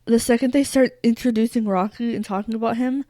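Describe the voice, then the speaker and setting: A woman's voice: a little high, steady tone, dark tone. A woman co-hosting a book club podcast, chatting casually and slangily. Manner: casual, slangy, quick to laugh along. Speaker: podcast co-host. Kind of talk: casual chat.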